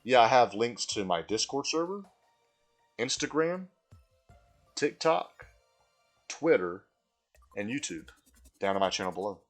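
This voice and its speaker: A man's voice: mid-range voice, big pitch swings, a little slow, pauses often, soft background music. A man live-streaming a video game, chatting casually and answering viewers from chat.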